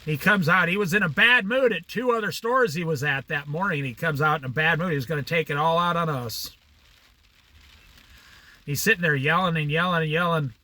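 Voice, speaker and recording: A man's voice: fairly high pitch, brisk. A middle-aged man telling a casual story, acting out the people in it with a raised voice and laughing at his own tales. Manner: animated, acts out quotes with a raised voice. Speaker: vlogger.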